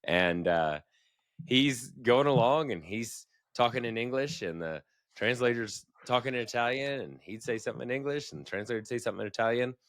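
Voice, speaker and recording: A man's voice: medium pitch, animated, fairly quick, fairly bright tone, no echo, clean studio sound. A man co-hosting a podcast, telling easygoing travel stories in casual chat and chuckling as he talks. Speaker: podcast co-host.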